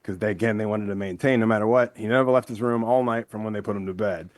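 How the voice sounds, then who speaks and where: A man with a fairly low voice co-hosts a true-crime podcast and lays out case details at length. He talks in a casual, chatty way. The close microphone gives a dry sound with no room echo. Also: steady tone, fast. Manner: explains at length, acts out quotes. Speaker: podcast co-host.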